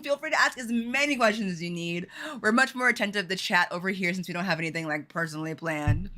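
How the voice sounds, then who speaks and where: A woman streaming a game at home and telling a lively story to her chat, laughing often. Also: a little high, quick pace. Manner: animated, laughing, chatty with fillers.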